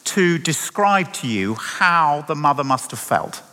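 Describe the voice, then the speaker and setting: A man's voice: a little high, very animated, a little slow, bright, forceful tone. A man preaching a sermon, emphatic and full of rhetorical questions. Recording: long hall reverb.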